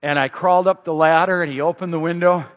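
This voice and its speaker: A man preaching a sermon, telling a personal story in a conversational, animated way with many restarts. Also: fairly high pitch, fast. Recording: dull sound with long hall reverb.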